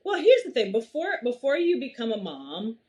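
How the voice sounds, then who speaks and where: Animated woman guest telling stories. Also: on the high side, moderate pace. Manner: animated storytelling with frequent laughs. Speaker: podcast guest. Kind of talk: casual conversation.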